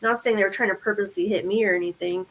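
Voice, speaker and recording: A woman from Southern California chats on a radio show, telling her story with excitement and jumping in to agree with the others. Her pitch sits in an ordinary middle range. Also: racing, a little hiss or hum, low-quality recording. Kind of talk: casual radio chat.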